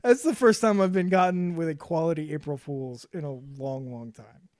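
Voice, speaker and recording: A man in his thirties co-hosting a casual podcast, telling stories in an animated way, swearing a lot and laughing often. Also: on the high side, normal speed, no room sound, clean studio sound. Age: 30s. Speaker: podcast co-host. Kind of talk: casual boozy podcast chat.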